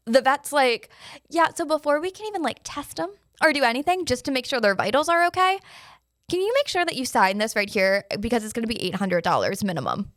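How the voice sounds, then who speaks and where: A young adult woman hosting her own podcast, telling a story in a casual, animated way, swearing freely and acting out her panicked replies. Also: high-pitched, a little fast, dry recording, studio quality. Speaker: podcast host. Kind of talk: casual solo podcast monologue.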